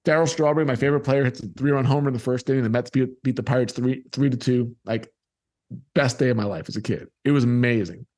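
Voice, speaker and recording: A man's voice: mid-range voice, steady tone, fast talker, darkish tone. A middle-aged man telling a personal childhood story and acting out the people in it.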